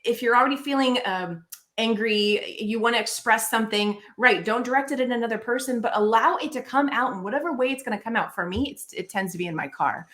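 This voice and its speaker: A woman's voice: on the high side, fairly quick, a bit bright. A woman podcast host who talks reflectively and affirmingly, thinking aloud as she speaks. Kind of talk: interview conversation.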